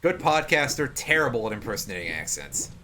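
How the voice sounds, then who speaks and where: Lively, jokey man streaming a game. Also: mid-range voice, fairly quick, background noise. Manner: jokey, self-deprecating, laughs often. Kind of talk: casual game-stream chat.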